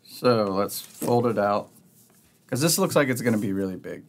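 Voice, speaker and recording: A man's voice: on the low side, animated, moderate pace, creaky. A man hosting a board game channel, giving casual, upbeat unboxing commentary and thinking aloud as he goes.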